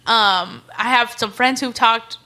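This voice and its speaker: A woman's voice: fairly high pitch, measured pace, sharp tone. A woman co-hosting a podcast in casual chat, rambling and laughing, with some swearing. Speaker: podcast co-host. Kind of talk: casual chat over beers.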